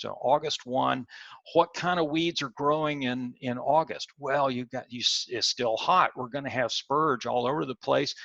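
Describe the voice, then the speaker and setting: A man's voice: medium pitch, gravelly, fairly bright tone, no room sound, highs cut off. A man teaching a training lecture in an explanatory way, putting questions to his listeners and stumbling now and then over product names. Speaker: extension weed scientist lecturing.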